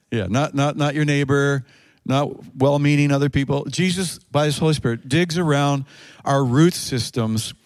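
A man preaching a sermon in a fairly high voice. He speeds through some phrases, drags others out slowly, and now and then bursts into a shout. The sound is dry and close, with no room echo. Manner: preaching with sudden shouted rises and drawn-out slow phrases. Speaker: pastor.

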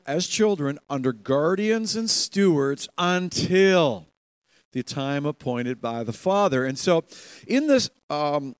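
A man with a slightly high voice delivering a sermon, animated and lively, often laughing as he acts out the voices in his stories. The sound is dry and close, with little room echo. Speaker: pastor.

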